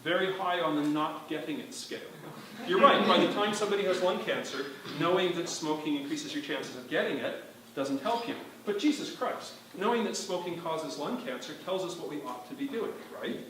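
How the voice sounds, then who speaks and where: A man's voice: on the high side, lively intonation, brisk, pushed and bright, slight background noise. A man giving a live conference talk to an audience, emphatic and wry, often quizzing the room. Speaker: conference speaker. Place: large hall with audience. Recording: very echoey hall, distant mic.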